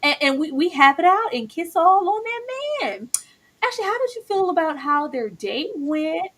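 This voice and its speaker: Animated woman doing a TV recap. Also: very high-pitched, normal speed. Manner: animated, acts out characters' lines in big voices. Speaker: co-host of a TV recap show. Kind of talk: casual reaction chat.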